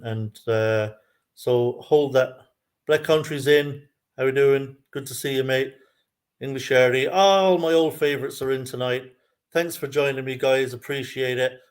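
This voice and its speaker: A man's voice: mid-range voice, moderate pace. A man with an Irish accent hosting a live fan stream, chatty and jokey, laughing often as he greets viewers. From Ireland. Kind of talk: casual fan chat.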